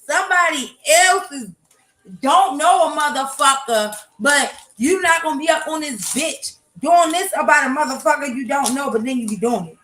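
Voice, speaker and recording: A woman with a high-pitched, fairly bright voice speaks at normal speed, ranting bluntly and profanely to her chat on a casual morning livestream. She's broadcasting from her home kitchen, where the recording sounds echoey with faint noise.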